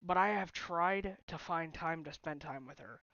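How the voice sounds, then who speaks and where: A man's voice: on the high side, a little slow, pushed and bright, dry recording, muffled recording. Upset young man venting on stream. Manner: upset, voice breaking, sighing. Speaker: livestreamer. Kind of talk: emotional personal talk to viewers.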